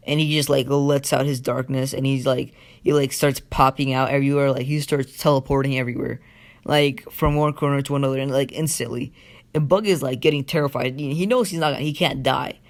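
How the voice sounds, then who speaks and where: Man, casual fan storyteller, rambling, sleepy and yawning, gravelly, mid-pitched. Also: steady tone, a little fast. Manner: rambling, full of fillers.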